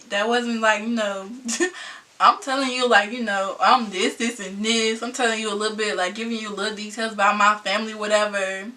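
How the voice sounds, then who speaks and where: A young woman vlogger telling a storytime in a casual, slangy way, animated and laughing often. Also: mid-range voice, moderate pace, distant mic.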